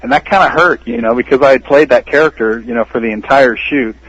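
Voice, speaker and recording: An American man, an actor, tells his stories as a podcast guest, lively and quick to laugh. His voice sits at an ordinary middle pitch. It comes through a dull, lo-fi line that takes the top off the sound. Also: husky, dry recording. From United States. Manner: animated storyteller who laughs often. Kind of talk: casual interview storytelling.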